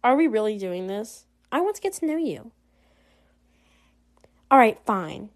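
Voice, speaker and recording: A woman with a fairly high, sing-song voice plays a story game in no hurry, giggling and chatting casually. In this let's-play commentary she reacts aloud to every choice.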